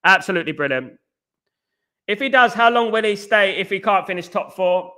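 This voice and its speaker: A man's voice: high voice, normal speed. A man, hosting a casual livestream, chatting with viewers, breaking into chants and repeating himself. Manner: excitable, sings and chants, repeats phrases. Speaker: livestream host. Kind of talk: casual live chat reading comments.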